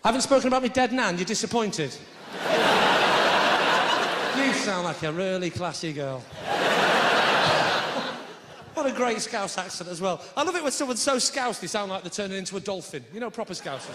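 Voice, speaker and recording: Doing stand-up before a live theatre audience, this comic trades brash, sweary banter with the crowd. His high voice has a sing-song lilt at normal speed with long pauses, against heavy background noise from the roomy, loud hall.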